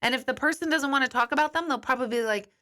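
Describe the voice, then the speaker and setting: Racing along in a high, bright, forceful voice, an intuitive medium and life coach responds to viewer comments during a live stream from her studio. She's chatty and candid, letting the occasional swear word slip before apologizing.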